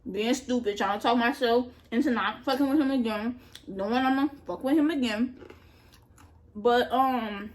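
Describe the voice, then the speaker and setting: Young woman vlogger, a little high-pitched, slangy and candid storytime with food. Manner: candid, animated, slangy, laughs at herself. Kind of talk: casual storytime while eating.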